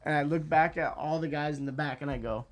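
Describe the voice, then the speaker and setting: A man's voice: on the high side, steady tone, fast talker. A young man telling a story in casual podcast chat, acting out the voices of the people in it and swearing a lot.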